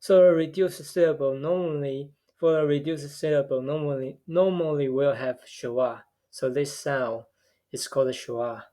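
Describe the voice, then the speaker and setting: A man giving a recorded linguistics lecture, explaining step by step in a measured way and often repeating words as he goes. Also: on the high side, dark tone. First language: a tonal language.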